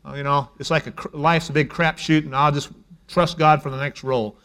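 A middle-aged male pastor preaching a sermon in a conversational way, dropping to a hush and then rising to emphasis. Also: a little high, steady tone, fairly quick. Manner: conversational preaching, shifts between hushed and emphatic.

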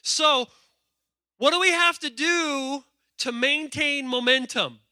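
A man preaching a lively sermon, reading scripture aloud with playful asides and calling on the congregation to respond. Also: very high-pitched, slow pace, no echo, studio quality. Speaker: pastor.

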